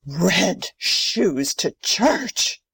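A woman's voice: mid-range voice, very animated, measured pace. A woman playing a strict, proper old grandmother who scolds sternly. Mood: scolding. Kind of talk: amateur play reading.

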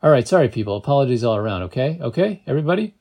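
A man's voice: mid-range voice, very animated, racing, dark tone, slightly rough. A man reading aloud and voicing a reckless young male driver who sounds defensive and apologetic.

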